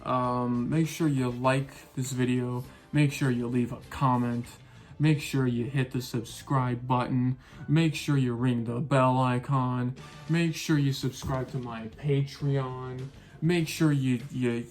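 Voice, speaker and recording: A man's voice: mid-range voice, a little mellow. A man reviewing a film in a casual rant, sarcastic, exasperated and full of profanity. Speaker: movie reviewer.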